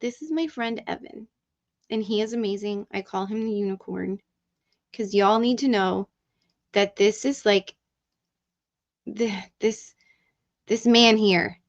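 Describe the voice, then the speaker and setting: A woman's voice: mid-range voice, a little slow, long pauses. A middle-aged woman hosting a casual livestream, chatting loosely, swearing freely and reading out comments from viewers. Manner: chatty and profane, reads chat aloud, drifts off-mic. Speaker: livestream host. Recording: dull lo-fi stream audio.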